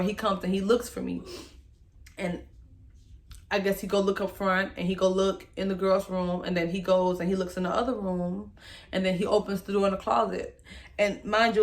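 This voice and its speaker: A young woman, emotionally recounting a personal story to the camera in a candid, halting way and speaking straight to her viewers. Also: medium pitch. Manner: candid, halting, speaks to viewers as "y'all", voice rises when reliving moments. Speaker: vlogger telling her story.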